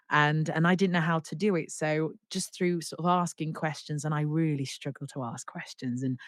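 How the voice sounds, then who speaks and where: A woman singer-songwriter telling her story as an interview guest, animated and full of restarts, acting out what people said. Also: low voice, dry recording, studio quality. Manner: animated, acts out quoted dialogue, many restarts.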